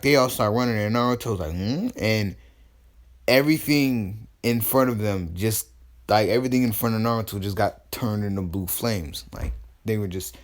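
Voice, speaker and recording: A man casually retelling a fan story, rambling with lots of fillers. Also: on the low side. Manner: rambling, full of fillers and restarts.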